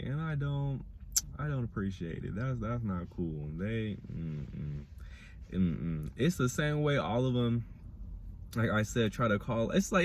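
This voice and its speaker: A young man with a Black dialect, giving a sassy, animated casual review of a reality show. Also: slight background noise. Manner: animated, sassy, mimics cast members in high voices. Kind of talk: casual commentary.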